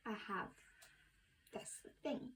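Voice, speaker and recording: A woman's voice: slow, a bit bright. A young woman, the host's daughter, teasing her mother in casual banter. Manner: teasing, giggly.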